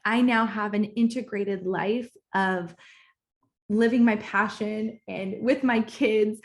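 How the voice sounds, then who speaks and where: A woman's voice: mid-range voice, steady tone, slow pace. A woman in her thirties speaks as a business coach, telling her own story for a recorded course lesson. Her talk is candid and conversational, with restarts and fillers. She grows emotional and emphatic as she gets to her sense of purpose. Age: 30s. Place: at home, kitchen nearby.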